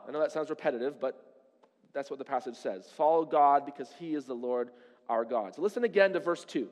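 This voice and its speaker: High-voiced preacher in an echoing hall. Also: male voice, animated, fast. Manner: conversational preaching with rhetorical questions. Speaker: pastor. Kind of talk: sermon.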